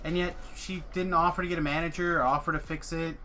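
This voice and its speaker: Animated storytelling man, bright voice. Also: on the high side, quick pace, a little hiss or hum. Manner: animated, swearing, acts out quoted people. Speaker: streamer. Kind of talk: casual storytelling while gaming.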